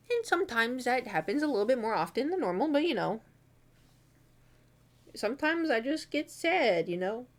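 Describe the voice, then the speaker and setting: A young woman chats to her viewers from her room at home, picked up by a desk mic. She rambles candidly, full of "like" and the odd curse, her pitch sitting in an ordinary middle range. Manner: rambling, candid and swearing, many fillers. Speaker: streamer. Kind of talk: casual chat.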